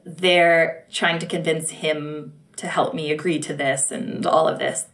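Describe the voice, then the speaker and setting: A woman from the United States telling her birth story in an interview, animated, acting out quotes and laughing often. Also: low-pitched, unhurried. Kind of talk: emotional personal storytelling.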